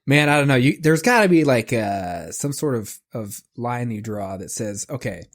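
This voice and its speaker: A man's voice: mid-range voice, expressive, moderate pace. A man co-hosting a podcast in casual chat, rambling with many restarts. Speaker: podcast co-host.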